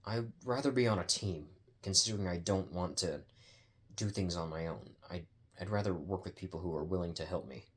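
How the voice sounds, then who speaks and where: A man's voice: low-pitched, a little fast, slightly rough. A man voicing a nervous young boy hero in a fan story, speaking hesitantly.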